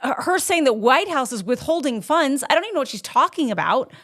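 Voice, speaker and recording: A woman's voice: high-pitched, sing-song, brisk, fairly bright tone. A woman co-hosting a political talk show, speaking bluntly and sounding exasperated, with joking asides. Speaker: podcast co-host. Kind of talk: casual political chat.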